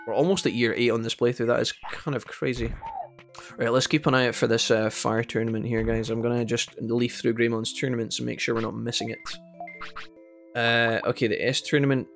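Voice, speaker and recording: A Scottish man chatting casually to his viewers while playing a game, telling animated stories between moves. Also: medium pitch, brisk, gravelly, soft background music. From Scotland. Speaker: gaming streamer. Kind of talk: casual gameplay chat with storytelling.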